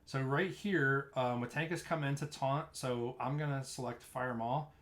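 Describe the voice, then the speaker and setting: A man's voice: medium pitch, steady tone, measured pace, fairly bright tone. A man casually explaining tanking tactics while narrating a replay of his own gameplay, talking loosely with frequent restarts. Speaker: streamer explaining raid tanking.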